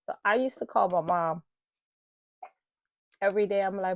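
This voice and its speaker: A woman's voice: on the low side, steady tone, moderate pace, long pauses, dry recording, highs cut off. A woman hosting her own channel, sharing an emotional personal testimony and talking straight to her viewers. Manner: emotional, earnest, addresses viewers directly. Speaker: channel host.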